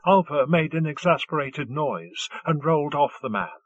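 A man narrating a story in a measured, unhurried scripted reading, on a dull lo-fi recording. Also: a little high, animated, no room sound. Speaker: audiobook narrator.

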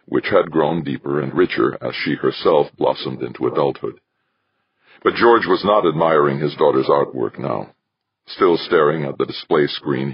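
A male audiobook narrator with an extremely deep, husky voice. His reading is measured but lively in pitch. The recording is dry and a little muffled. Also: dry recording. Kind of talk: scripted narration.

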